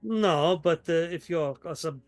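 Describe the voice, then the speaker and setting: A man's voice: fairly high pitch, no room sound. A man speaks in a slightly raised voice with a put-on accent, stumbling and apologetic as he plays his character at a tabletop game. The sound is dry and close to the mic, with faint music underneath. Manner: halting, polite, flustered. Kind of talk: in-character tabletop role-play.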